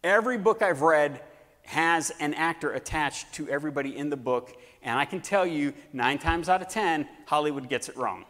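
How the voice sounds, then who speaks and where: A male preacher retells a story with lively, acted-out energy, dropping to hushed tones and rising again. His slightly high voice carries long reverb from a large hall. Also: moderate pace. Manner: animated, acts out scenes, swings between shouting and hushed tones. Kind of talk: sermon storytelling.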